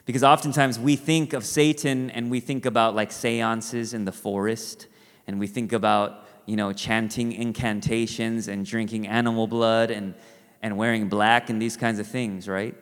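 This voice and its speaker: A man's voice: lowish voice, level tone, moderate pace, in a large hall. A man preaching a sermon in a conversational way, acting out quotes and adding rhetorical asides.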